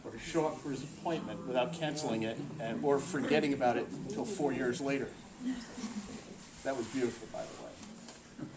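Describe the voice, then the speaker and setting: A man giving a lively, joking presentation to a staff meeting and quizzing the audience as he goes. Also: mid-range voice, normal speed, over a noisy crowd. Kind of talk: workplace presentation. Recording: distant mic with faint hiss.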